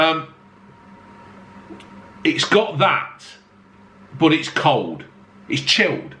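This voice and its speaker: A man talks through a beer tasting in a blunt, foul-mouthed, joking way. His bright, fairly high voice swings up and down a lot. The sound carries a roomy echo. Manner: blunt, heavy swearing, jokey self-mocking asides. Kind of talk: casual beer review to camera. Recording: echoey room with faint ambience.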